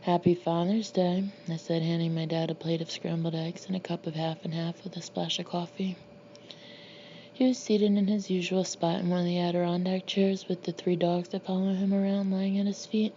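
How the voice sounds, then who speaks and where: Dry, deadpan woman narrating an audiobook. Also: fairly low pitch, brisk. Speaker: narrator, author reading her memoir. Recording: slightly muffled with faint hiss.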